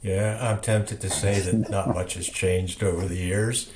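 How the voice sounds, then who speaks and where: A man in his seventies interviewing an author, asking prepared questions in a measured, orderly way. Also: deep voice, steady tone, background noise. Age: 70s. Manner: measured, reads structured questions.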